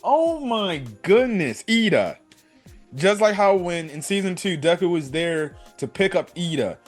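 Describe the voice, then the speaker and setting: A young man giving a casual, excited episode review, talking in a loose run of fillers and slang. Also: on the high side, moderate pace, faint music behind. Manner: excited fan talk, many fillers and "bro". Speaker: anime reviewer.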